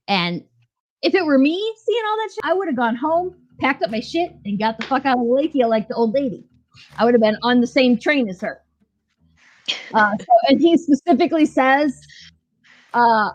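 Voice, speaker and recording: A woman's voice: high-pitched, animated, fairly quick, lo-fi sound. A woman co-hosting a podcast, recapping a show in a casual, profane, rambling way full of fillers. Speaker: podcast co-host.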